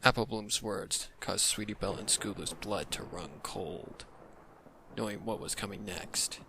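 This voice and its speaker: A man reading dark fan fiction aloud, narrating in a low, measured way that often drops into whispers. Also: gravelly. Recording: noisy home recording.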